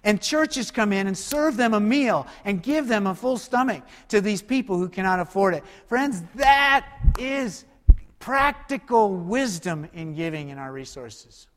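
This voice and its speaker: High-voiced man preaching in a reverberant hall. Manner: lively, conversational preaching with quick asides and call-and-response. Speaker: pastor. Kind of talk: sermon.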